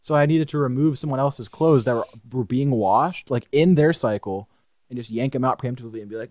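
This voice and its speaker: Young male podcast co-host, mid-pitched, casual and profane, recorded dry and close. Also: brisk, no echo. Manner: animated storytelling with swearing. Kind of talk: casual chat.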